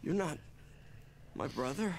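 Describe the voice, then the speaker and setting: A man's voice: on the high side, lively intonation, measured pace, slight background noise. A man voicing a sick, anxious game character waiting for his sibling. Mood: worried.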